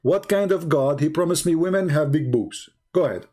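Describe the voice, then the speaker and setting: A man hosts a heated call-in debate, hammering his caller with insistent, mocking questions. He talks quickly, his voice sitting a little above the usual male range. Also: a little high, expressive, warm tone. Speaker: debate show host.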